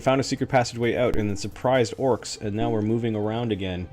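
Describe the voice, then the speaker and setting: A man giving playful live commentary while playing a retro role-playing game, muttering asides to himself and sometimes dropping to a hush. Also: fairly low pitch, fast, hardly any pauses, soft background music. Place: home streaming setup.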